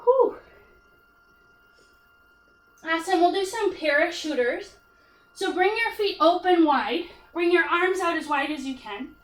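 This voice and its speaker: A woman with a very high voice leads a sculpt yoga flow, calling out counts and upbeat encouragement. She sounds winded as she cues the moves at an unhurried pace. She is picked up from a distance in an echoey room. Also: expressive. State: out of breath. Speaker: yoga instructor. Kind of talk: cueing a workout class.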